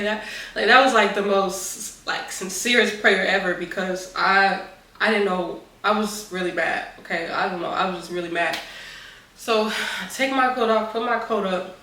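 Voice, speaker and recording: Woman telling a story in a roomy echo. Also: medium pitch. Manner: animated casual storytelling to viewers. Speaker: vlogger. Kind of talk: storytime mukbang chat. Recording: roomy echo, voice a bit far from the mic.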